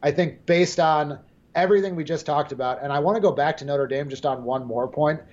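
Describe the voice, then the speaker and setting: A man's voice: on the high side, a little fast, darkish tone. A young man co-hosting a sports podcast, giving confident, blunt predictions and swearing casually. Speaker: podcast co-host. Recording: dull lo-fi sound.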